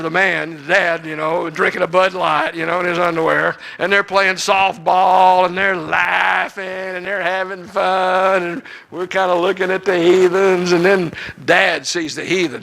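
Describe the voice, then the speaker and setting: A middle-aged man preaching with a gravelly, bright edge to his voice. He spins folksy, joking stories in a slightly high register. The voice is lively and full of humor. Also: poor audio. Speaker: guest preacher. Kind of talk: humorous sermon storytelling. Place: church.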